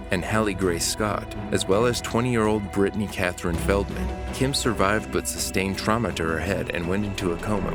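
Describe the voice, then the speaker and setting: Guy with a really low voice reading the backstory, somber and measured, music playing under. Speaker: narrator. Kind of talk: scripted narration. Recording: voice-over with music behind.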